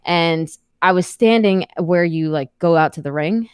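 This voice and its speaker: A woman in her thirties tells a story on a podcast in a chatty, animated way. Her voice sits a little low. The sound is close and dry, with no room around it. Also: a little slow, clear, resonant tone, no echo. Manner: chatty, many "like" fillers, animated retelling. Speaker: guest, professional wrestler. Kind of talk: casual storytelling interview.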